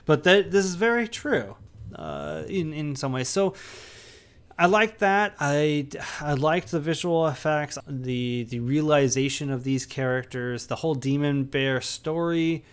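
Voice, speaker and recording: Smooth-voiced man rambling through a movie review. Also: on the high side, measured pace. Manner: rambling, many restarts and fillers. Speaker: podcast co-host. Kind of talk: casual movie review chat.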